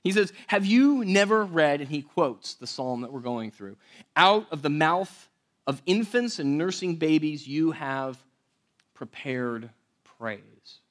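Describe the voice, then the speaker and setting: A man preaching a sermon as pastor, conversational and animated, often checking in with the audience. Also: on the high side, takes it slowly.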